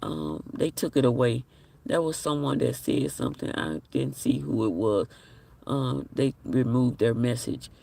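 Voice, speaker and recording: A man's voice: mid-range voice, expressive, measured pace, vocal fry, mellow, distant mic. A man hosting a casual live stream, chatting and reading viewer comments aloud with an apologetic manner. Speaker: livestream host.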